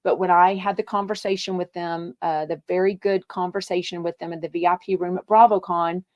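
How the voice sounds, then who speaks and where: A woman's voice: fairly low pitch, fairly even intonation, brisk, no echo, lo-fi sound. A woman from Texas, hosting a live podcast, chatting casually and reading out viewer comments in a bubbly, gushing way with lots of fillers. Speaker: podcast host.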